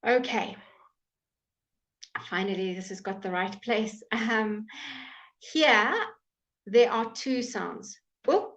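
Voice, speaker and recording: A woman's voice: fairly high pitch, fairly bright tone. A woman teaching English pronunciation in a live online class, patiently repeating each word for her students to copy. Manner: slow, patient, repeats words for drilling. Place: home. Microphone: computer mic on a live stream.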